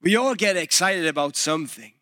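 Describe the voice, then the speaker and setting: A man's voice: fairly high pitch, animated, brisk, sharp tone, no echo, clean studio sound. A male pastor preaching a sermon, building emphasis and putting questions to the congregation.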